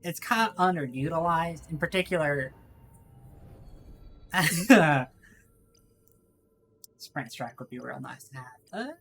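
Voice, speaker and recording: Low-voiced woman in a put-on Texas drawl. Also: animated, slow pace, pauses often, a bit bright, a little hiss or hum. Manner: rambling, swearing, drawling. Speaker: streamer. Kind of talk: gaming livestream commentary.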